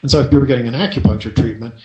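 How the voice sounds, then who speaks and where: A man hosting a coaching radio show, telling a story in a lively way and checking in with the listener by asking "right?". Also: mid-range voice, rapid-fire, echoey room, highs cut off.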